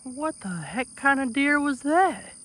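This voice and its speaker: A man's voice: extremely high pitch, animated, unhurried, a bit bright. A man, vlogging outdoors on his farm and cooing affectionately at his animals by a fence. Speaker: homesteader vlogger. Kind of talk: casual vlog talk to camera.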